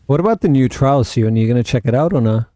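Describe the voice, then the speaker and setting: A man's voice: mid-range voice, lively intonation, fast talker, warm tone, no room sound. A South African man hosting a casual game livestream, rambling and answering his chat. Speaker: livestream host and gamer.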